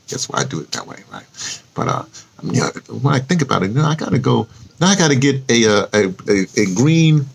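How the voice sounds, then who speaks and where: A man's voice: medium pitch, gravelly, breathy edge. A man with a New York accent talking casually and rambling to camera in a vlog, thinking aloud as he types a post. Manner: chatty, self-talk while typing a post, spells words aloud. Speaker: vlogger.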